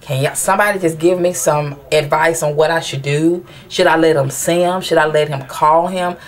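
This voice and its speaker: A woman's voice: low-pitched, fairly even intonation, normal speed. A mother venting in a personal vlog, rambling and frustrated, with many restarts as she asks viewers for advice.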